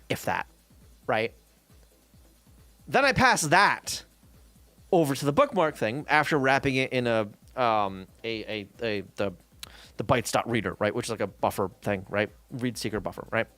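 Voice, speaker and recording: A man's voice: medium pitch, expressive, normal speed, a bit bright, dry recording, faint music behind. A man streaming a casual, exasperated rant about programming. He swears freely and leans on fillers and tag questions.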